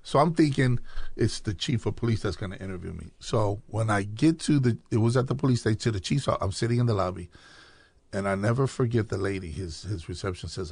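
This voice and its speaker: A man's voice: on the low side, quick pace, a little mellow, slightly rough, no room sound. A man from Chicago, a podcast guest telling his life story in casual talk, acting out quoted dialogue as he goes.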